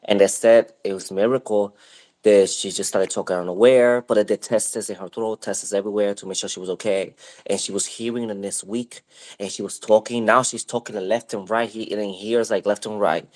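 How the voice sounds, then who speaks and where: Man, casual co-host; low, loose, filler-heavy storyteller. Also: fairly quick. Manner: rambling, animated retelling with many fillers.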